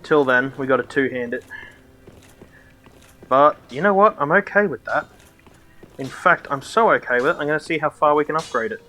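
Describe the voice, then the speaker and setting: A man's voice: a little high, lively intonation, moderate pace, pauses often, pushed and bright. A man streaming a video game, joking to himself and laughing often in casual commentary. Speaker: gaming streamer. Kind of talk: casual let's-play commentary.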